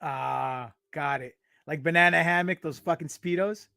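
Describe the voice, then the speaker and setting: A man's voice: on the high side, normal speed, vocal fry, background noise. A man from the United States talking as an interview guest, brash and joking, swearing freely. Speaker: guest, pro wrestler. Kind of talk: casual interview chat.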